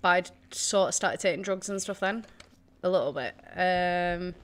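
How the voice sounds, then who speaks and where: A woman's voice: on the low side, moderate pace, a bit bright. Chatty woman, Yorkshire-Geordie accent. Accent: Yorkshire mixed with Geordie. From Leeds, England. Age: 30s. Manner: chatty, laughs easily, frank. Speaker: podcast guest. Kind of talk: casual conversational interview.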